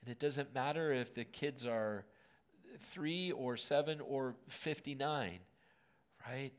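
A man in his late fifties preaching a sermon in a conversational way, with asides to the congregation and a soft, gentle tone on key words. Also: mid-range voice, slow pace, clean tone. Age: 50s. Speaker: pastor. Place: auditorium.

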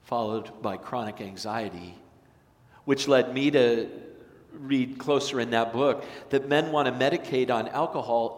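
A man preaching a sermon as pastor, animated, swinging from loud, energetic lines to hushed ones. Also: mid-range voice. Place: church sanctuary. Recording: long reverb of a church sanctuary.

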